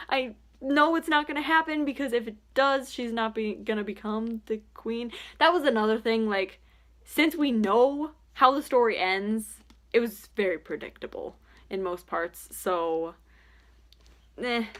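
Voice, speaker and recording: A young woman casually reviewing a book in a vlog, chatty and animated, with plenty of fillers. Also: on the high side, measured pace.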